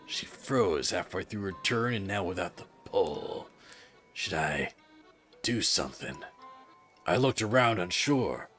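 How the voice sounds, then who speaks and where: Brief: male streamer narrating a game, low voice with very lively pitch. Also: measured pace, faint music behind. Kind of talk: reading a story game aloud on stream.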